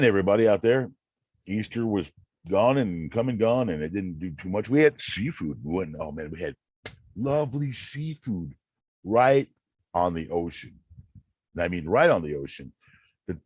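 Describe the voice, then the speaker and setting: Deep husky man musing slowly. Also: a little mellow, no echo. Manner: slow, drawn-out, rambling, repeats words. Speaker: channel host. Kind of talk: reading self-help quotes with casual musing.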